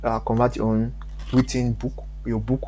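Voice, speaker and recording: A man talks viewers through a coding tutorial on a live stream in a mellow, relaxed tone. His explanation moves haltingly, full of fillers and mid-sentence corrections. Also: medium pitch, a little hiss or hum. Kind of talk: step-by-step coding walkthrough.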